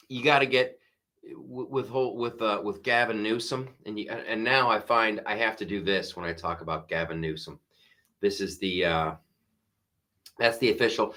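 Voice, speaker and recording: A man's voice: on the low side, normal speed, bright, forceful tone. A middle-aged man hosting a comedy podcast, rambling sarcastically through a casual monologue with frequent restarts.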